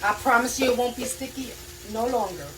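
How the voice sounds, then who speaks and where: Woman cooking in her kitchen, kinda high voice, talks to viewers all excited, faint sizzle behind. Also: fairly quick, noisy background. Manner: chatty, enthusiastic, talks to viewers. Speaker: home cook vlogger. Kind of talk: casual cooking narration. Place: home kitchen at the stove. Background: food sizzling in a pan.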